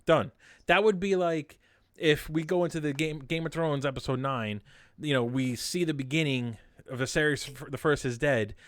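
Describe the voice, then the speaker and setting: A man's voice: mid-range voice, smooth, no echo, studio quality. A man co-hosting a casual podcast, ranting in a heated, exasperated way. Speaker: podcast co-host.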